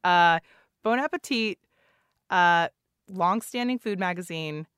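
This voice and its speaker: Brief: young woman podcast host, excitable, filler-heavy chat, dry close sound. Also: fairly low pitch, slow pace, clear, resonant tone, no room sound. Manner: rambling, heavy filler words; excitable, laughs often. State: recovering from losing her voice. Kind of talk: casual chat.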